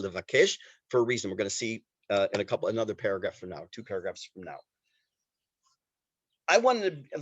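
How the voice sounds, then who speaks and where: A man's voice: fairly high pitch, slightly rough, no echo, poor audio. A man teaching a Torah class over a video call, reading Hebrew lines and translating them, with joking asides. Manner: lively, joking asides, reads Hebrew text then translates.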